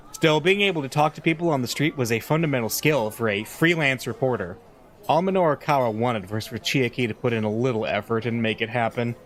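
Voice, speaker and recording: A man playing a visual novel, reading the story aloud with amused, chuckling commentary. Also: medium pitch. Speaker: let's play gamer.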